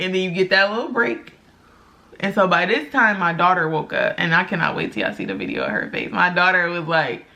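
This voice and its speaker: A young woman tells her own story straight to her viewers in a candid, chatty vlog. Her voice is bright with a gravelly fry, and she laughs often and jumps into a high voice when quoting people. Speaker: vlogger.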